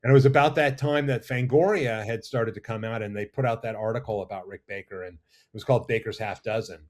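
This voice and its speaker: A middle-aged man, a makeup effects artist, telling animated, rambling stories as a guest in a casual interview. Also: lowish voice, a little fast. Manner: animated, rambling anecdotes with restarts. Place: studio or lounge.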